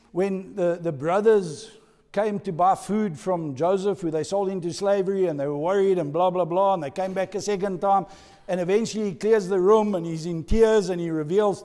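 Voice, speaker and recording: A male pastor preaching a sermon, dropping to a hush and then rising to loud emphasis. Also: high voice. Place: church hall. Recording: echoey church hall.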